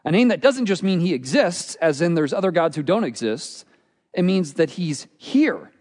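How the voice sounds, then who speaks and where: A pastor preaching a sermon with earnest, expressive delivery, often dropping to a quiet, intense tone. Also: male voice, fairly high pitch, moderate pace. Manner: earnest, expressive preaching with dramatic drops in volume. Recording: long hall reverb.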